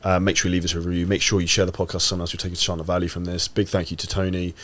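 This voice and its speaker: A man hosting a podcast, chiming in briskly and wrapping up the show. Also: sits low, monotone, a bit bright. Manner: brisk, agreeable interjections. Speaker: podcast host. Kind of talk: casual podcast interview.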